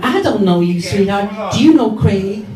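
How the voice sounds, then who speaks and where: A live audience laughs and chatters loudly in an echoey pub or club function room, filmed by a camera far off in the crowd. A man plays a brash, catty drag queen hostess, teasing them with sarcastic, mock-haughty crowd work. His voice sits high and sounds animated at a normal speed.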